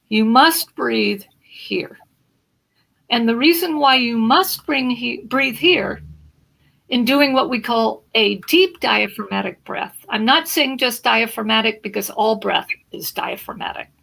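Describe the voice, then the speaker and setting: Animated woman voice coach, gravelly. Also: a little high, rough recording. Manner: animated, instructive. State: slight morning frog in throat. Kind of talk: live video interview.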